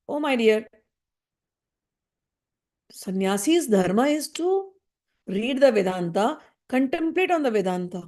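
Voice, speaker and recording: Woman, devotional scripture teacher; bright, high voice; chants verses slowly, then explains them simply. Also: lively intonation.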